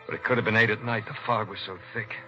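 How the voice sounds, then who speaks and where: A man's voice: on the low side, fairly even intonation, fast, pushed and bright, soft background music. An actor playing a tough, terse city detective who narrates his own case in 1940s radio drama style, with clipped tough-guy delivery. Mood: tense. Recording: dull lo-fi 1940s radio recording.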